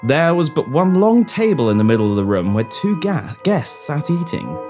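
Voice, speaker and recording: Male narrator, theatrical and lively, music underneath. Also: fairly high pitch, moderate pace. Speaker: narrator and co-host. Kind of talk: comedic story narration.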